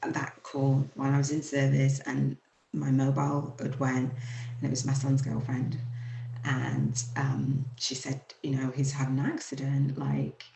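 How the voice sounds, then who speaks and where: A woman in her forties, hosting her own show, telling a painful personal story in a halting, emotional way with many fillers. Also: a bass voice, completely flat delivery, gravelly, warm tone, slight background noise. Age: 40s. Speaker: host. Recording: echoey room.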